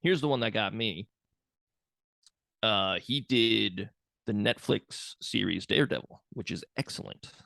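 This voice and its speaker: A man's voice: fairly low pitch, measured pace, creaky, fairly bright tone, no room sound, studio quality. A man co-hosting a movie podcast, chatting casually, jokey and rambling, swearing now and then. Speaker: podcast co-host. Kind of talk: casual chat about movies.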